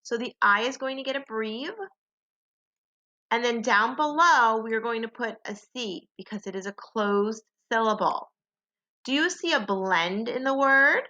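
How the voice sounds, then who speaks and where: A woman teaching a phonics lesson to young children, slowly sounding out letters and sounds and asking them to echo her. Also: a little high, bright, forceful tone, muffled recording.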